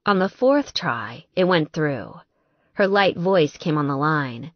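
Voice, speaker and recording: A woman narrating a romance novel in an expressive, unhurried storytelling manner. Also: low-pitched, no echo. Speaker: audiobook narrator. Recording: dry, slightly dull audiobook recording.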